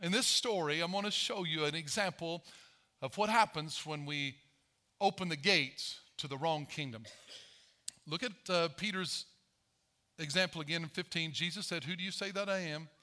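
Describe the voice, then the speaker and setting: A man preaching a sermon as pastor, animated, acting out Bible voices as he tells the story. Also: a little high, moderate pace.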